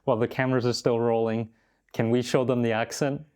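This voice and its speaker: A man's voice: medium pitch, little pitch movement, fairly quick, darkish tone, clear, resonant tone. A man from the United States hosting a casual interview show, playful and teasing, laughing often. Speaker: show host.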